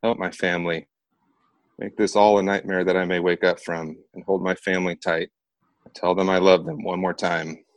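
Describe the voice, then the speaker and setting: A man voicing a terrified young woman who pleads for her family, his low voice pushed higher and strained. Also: flat delivery, moderate pace, dry recording, natural voice. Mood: pleading.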